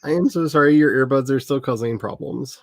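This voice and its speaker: A man hosts a writing livestream, chatting casually during a writing sprint in a rambling, self-mocking way packed with jokes and asides. His voice is mid-range and fairly quick, and the recording is dry.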